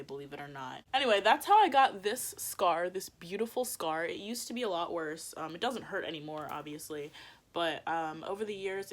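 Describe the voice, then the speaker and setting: A young adult woman telling a story in a casual vlog, chatty and emphatic, saying "like" constantly. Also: fairly low pitch. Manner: chatty, emphatic, heavy use of "like". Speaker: vlogger.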